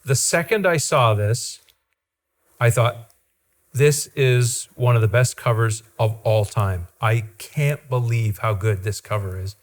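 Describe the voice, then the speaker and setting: A man from Ontario, hosting a podcast as an enthusiastic, animated storyteller. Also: mid-range voice, slow. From Ontario, Canada. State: father. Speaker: podcast host. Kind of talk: casual chat.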